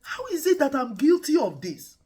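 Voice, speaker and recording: A woman voicing a panicked ancient king who shouts and pleads his innocence. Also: sits high, very animated, normal speed, voice pushed up. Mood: frantic pleading. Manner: frantic, shouting protests of innocence.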